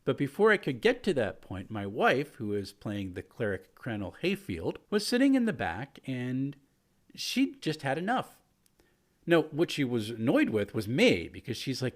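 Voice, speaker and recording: A man's voice: medium pitch, moderate pace. Man telling a tabletop game story. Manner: relaxed and chatty, with fillers. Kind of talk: casual storytelling.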